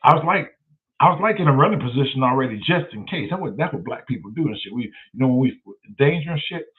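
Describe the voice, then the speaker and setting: A man hosting his own show, telling stories in a profane, animated way. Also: medium pitch, quick pace. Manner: profane, animated, loud storyteller. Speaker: show host. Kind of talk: casual livestream storytelling. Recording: tinny phone-like sound.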